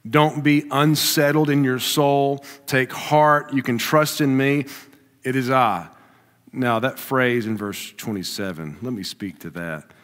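A man preaching a sermon to a congregation, animated, swinging from loud emphatic lines to low asides. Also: a little slow. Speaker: pastor. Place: church sanctuary with a congregation. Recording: reverberant hall.

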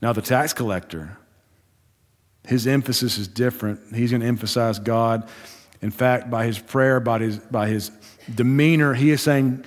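A male Baptist pastor preaching a sermon in a measured storytelling way, slowing down for emphasis. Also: medium pitch. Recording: long hall reverb.

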